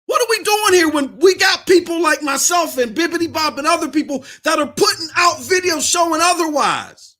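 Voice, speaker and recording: A male podcast host delivers a live-streamed rant in a very high, bright voice. He speaks directly to his viewers and keeps getting worked up, often pushing into yelling. His tone is sharp and forceful throughout. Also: animated, moderate pace.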